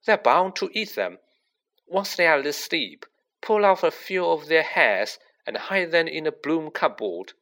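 A man's voice: on the high side, very animated, pushed and bright, voice pushed up, heavily acted. Hermione, a man doing a bossy schoolgirl. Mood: brisk. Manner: matter-of-fact, brisk and stern. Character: bossy, brainy teenage schoolgirl witch. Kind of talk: audiobook character voice.

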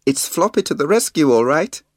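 A man's voice: on the high side, very animated, moderate pace, dry recording, studio quality, pitched above the performer's own voice. A man reading a storybook aloud, voicing a sensible, upbeat young boy in a lightly raised voice.

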